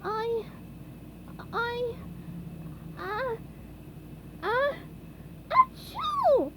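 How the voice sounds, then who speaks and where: A woman voicing an excitable, childlike male sea sponge in a storybook reading, squeaky, whiny and sniffly. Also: normal speed, background noise. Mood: scared.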